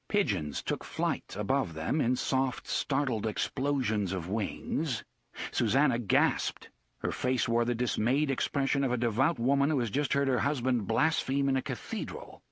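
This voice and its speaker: A male audiobook narrator with a husky voice and a lively, rising and falling delivery. He reads expressively, recorded close and dry with no room sound. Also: medium pitch, measured pace, no room sound. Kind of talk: scripted narration.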